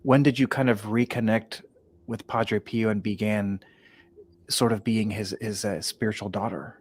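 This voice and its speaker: A man's voice: lowish voice, fairly even intonation, normal speed, husky. A man hosting an interview, stammering through restarts and answering with short affirmations. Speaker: host. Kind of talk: podcast interview.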